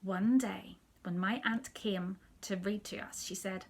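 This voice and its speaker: Gravelly woman reading softly. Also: mid-range voice, fairly even intonation, a little slow, few pauses, a little hiss or hum. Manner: soft, hushed storytelling, often near a whisper. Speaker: teacher. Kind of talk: reading a children's story aloud.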